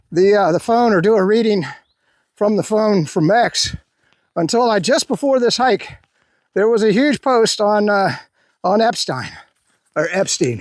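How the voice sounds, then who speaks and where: A man's voice: extremely high pitch, no echo, clean studio sound. Blunt, profane middle-aged man rambling. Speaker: commentary channel host. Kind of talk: casual rambling commentary. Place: outdoors on a hike.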